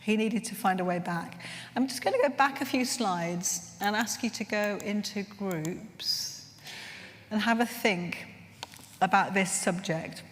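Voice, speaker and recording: A woman's voice: medium pitch, measured pace. A woman leading a workshop at a chaplains' conference, telling stories in an earnest, heartfelt way. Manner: earnest, heartfelt, gently searching. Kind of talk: conference talk with storytelling. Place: conference room. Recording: long reverb in a large room.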